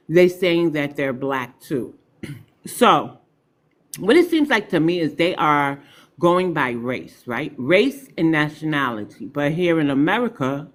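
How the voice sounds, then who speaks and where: A middle-aged woman, a podcast guest who talks emphatically and tells stories with big swings in pitch. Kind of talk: podcast discussion.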